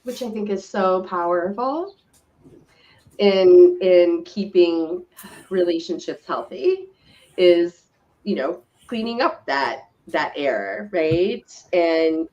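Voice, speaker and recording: A middle-aged woman co-hosting a live stream talk show, speaking in a slow, reflective and affirming way. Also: on the low side, animated, a little mellow. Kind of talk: casual conversational chat. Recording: dull lo-fi stream audio.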